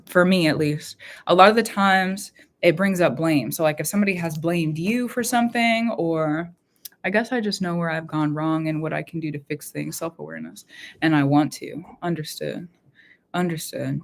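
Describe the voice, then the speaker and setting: A woman's voice: fairly low pitch, lively intonation, normal speed. A woman hosting a spiritual reading live stream from her room at home, talking in a rambling, heartfelt way and repeating her phrases. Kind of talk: casual live-stream talk.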